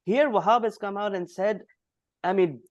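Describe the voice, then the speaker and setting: A man's voice: sits high, normal speed, no room sound, muffled recording. A man giving blunt, indignant cricket commentary in a podcast discussion. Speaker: cricket pundit.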